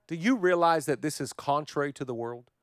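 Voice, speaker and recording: A male pastor preaching with a high, bright-pitched voice, building phrases in repeated rhythmic runs. He swings between ringing declarations and soft, near-whispered reflection. The sound is dry and close, with no room around it. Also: a little fast, no room sound. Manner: passionate preaching with rhythmic repetition, swinging from loud to hushed. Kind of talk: sermon.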